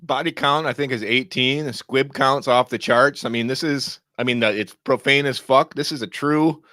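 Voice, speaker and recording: A man's voice: medium pitch, steady tone, moderate pace, pushed and bright, no echo. A man co-hosting a casual movie review podcast, wry and laid-back, laughing a lot.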